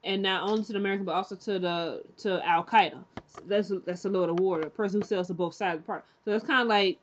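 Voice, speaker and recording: A chatty woman talking through a TV episode in a loose, candid way, circling back with lots of "you know" and restarts. Her voice sits at a middling pitch. The recording sounds dull and lo-fi, like a simple home setup. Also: quick pace, slight background noise. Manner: rambling, many fillers and restarts; chatty and candid, acts out characters' lines. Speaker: TV show recap reviewer. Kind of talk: casual recap chat.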